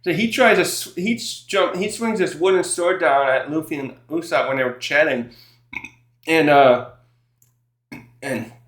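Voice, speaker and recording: Man, a touch high-voiced, chatty reviewer who trails off and restarts a lot, recorded in a roomy, echoey space. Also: unhurried, pauses often, fairly bright tone. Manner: rambling, many fillers and self-corrections; laughs often while recapping. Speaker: manga chapter reviewer. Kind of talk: casual chat. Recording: roomy echo.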